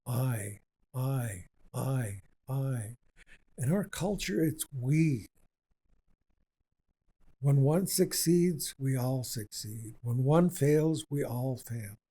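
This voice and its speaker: An older man, an Indigenous elder, telling stories in a slow, repetitive, earnest way during a conversation. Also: mid-range voice, mellow, low-quality recording. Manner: unhurried and repetitive, speaking with conviction.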